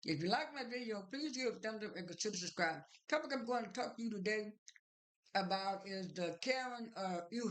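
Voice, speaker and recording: A vlogger talks through a reality show episode in a loose, unscripted monologue. The voice sits at a middle pitch. Sentences stall on fillers, restart and pile up with "and then.". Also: fairly bright tone. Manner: rambling, many fillers and restarts; strings events together with "and then". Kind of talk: casual retelling monologue.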